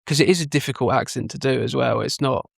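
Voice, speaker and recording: Guy with a gravelly voice geeking out over movie lines, dry close sound. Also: mid-range voice, fast talker, dry recording. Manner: enthusiastic, quotes film lines. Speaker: podcast co-host. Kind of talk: casual film chat.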